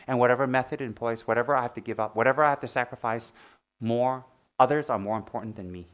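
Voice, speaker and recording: A man teaching the Dharma, his voice sitting at a middling pitch. He teases his listeners with loud, animated jokes, then sinks into soft, earnest explanation. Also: fast talker. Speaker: Buddhist teacher. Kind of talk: Dharma talk.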